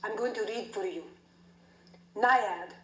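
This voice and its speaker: A woman's voice: medium pitch, slow pace, roomy sound, natural voice, low-quality recording. A woman voicing an emotional, grandiose immigrant father, speaking theatrically. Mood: rapturous. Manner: theatrical, doting, then blustering.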